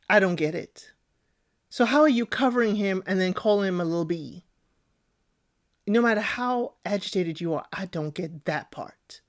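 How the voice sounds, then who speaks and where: A woman hosting a podcast, giving a casual, opinionated TV recap and acting out what people said. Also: medium pitch. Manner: expressive, acts out other people's lines. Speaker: podcast host.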